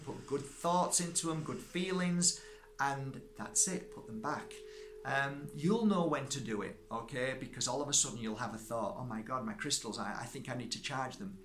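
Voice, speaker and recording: A middle-aged man who works as a crystal energy healer chats casually with viewers while sharing a personal story, often asking "okay?" to check in. His medium-pitched voice is fairly bright, with slight background noise.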